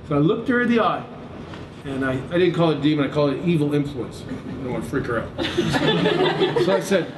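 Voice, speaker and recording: Laughing, animated man preaching from afar. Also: a little high, a little fast, pauses often. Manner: laughing often, acting out quotes. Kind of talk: storytelling sermon. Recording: echoey room, mic far off, noisy.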